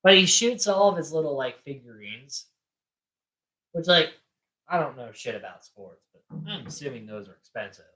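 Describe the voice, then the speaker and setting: A podcast co-host recapping a movie's plot in casual chat, acting out quick quotes along the way. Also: mid-range voice, expressive, bright, forceful tone.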